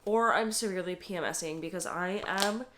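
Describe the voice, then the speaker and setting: A woman's voice: lowish voice, a little fast, noisy background. Chatty young woman vlogging about books. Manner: chatty, emotional, frequent laughs and swearing. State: teary, close to crying. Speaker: book vlogger. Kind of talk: casual vlog chat.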